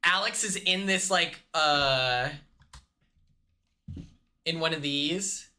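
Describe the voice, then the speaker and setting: A man's voice: on the high side, slow, sharp tone, a little hiss or hum. A man hosting a comedic movie recap, rambling and acting out the characters' lines himself. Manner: rambling, acts out characters in quotes. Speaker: host.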